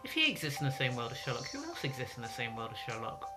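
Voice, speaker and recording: A woman's voice: a bass voice, wildly swooping pitch, fast. A woman casually commenting while playing a story game, sarcastic and swearing freely. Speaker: gaming video host. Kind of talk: casual let's-play commentary. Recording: loud game music behind.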